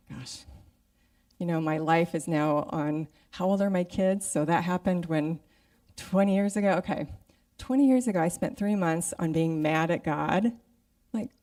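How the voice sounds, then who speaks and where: A middle-aged woman preaches in a relaxed, conversational way, acting out her own thoughts as she speaks. Her voice is mellow and warm. She is picked up from a distance by the mic in a church sanctuary. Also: lowish voice. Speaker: guest speaker. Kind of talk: sermon.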